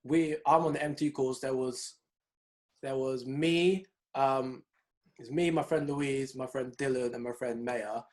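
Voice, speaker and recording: Young man, casual podcast co-host who tells lively stories. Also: mid-range voice, a little slow. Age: young adult. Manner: animated storytelling, mimics people in raised voices. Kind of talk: casual chat.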